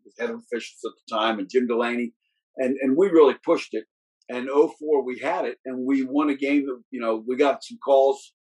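A middle-aged man with a husky, somewhat breathy, medium-pitched voice reminisces like a football coach in a relaxed, casual chat. He rambles a lot, starting and restarting sentences and plugging gaps with "you know." The recording is rough.

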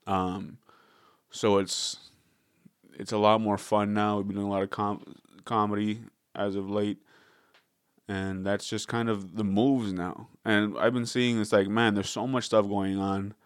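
A man's voice: on the low side, flat delivery, unhurried, smooth, dry recording, studio quality. A young man hosting a podcast, rambling casually with jokes and swearing. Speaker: podcast host. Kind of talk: casual comedic podcast chat.

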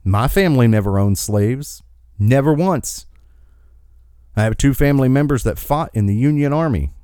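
A man's voice: medium pitch, lively intonation, moderate pace, warm tone, clean tone, dry recording. Angry dude ranting on his podcast, voice swings up and down a lot, dry close mic. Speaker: commentary host. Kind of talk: opinion podcast monologue.

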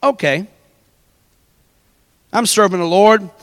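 A male pastor delivers a sermon in a chatty, storytelling manner. His voice sits high for a man. It rings out with a long reverb in a church hall. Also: takes it slowly, a bit bright. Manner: conversational preaching with personal stories.

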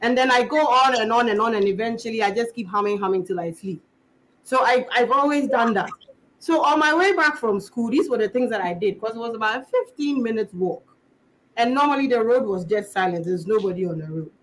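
Mujer animada con acento ghanés. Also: female voice, a little high, brisk, a little hiss or hum, low-quality recording. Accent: Ghanaian English. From Ghana. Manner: animated, acts out voices while telling stories. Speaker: guest storyteller, actress. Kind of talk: casual interview chat.

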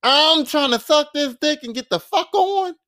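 A man's voice: sits high, expressive, normal speed, fairly bright tone. A man voicing a brash, impatient teenage girl who is profane, blunt and mocking, in a podcast retelling. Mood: taunting.

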